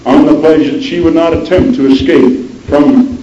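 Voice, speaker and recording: A man telling a dramatic historical story in a measured way, often dropping low and soft for emphasis. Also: fairly even intonation. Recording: roomy, dull lo-fi sound with faint noise.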